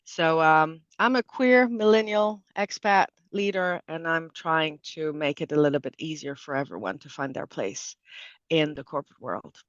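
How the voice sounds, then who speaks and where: A man in his thirties from Canada, speaking as the guest expert in a relaxed interview, pausing often with fillers and restarts. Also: a little high, no room sound. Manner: thoughtful, with frequent fillers and restarts. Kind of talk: conversational interview. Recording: dull, dry lo-fi sound.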